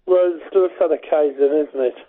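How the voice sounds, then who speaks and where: A man's voice: a little high, brisk. A man with a Birmingham accent, co-hosting a radio show in an earnest, plain-spoken way. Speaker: radio co-host. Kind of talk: casual radio chat. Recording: tinny phone-like radio sound.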